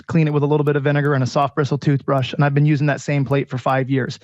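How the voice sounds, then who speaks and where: A man, the president of an air purifier company, pitching his product in an interview and telling long customer anecdotes full of "he goes.". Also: little pitch movement, fairly quick, hardly any pauses, no room sound, lo-fi sound. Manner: chatty storyteller, repeats "he goes".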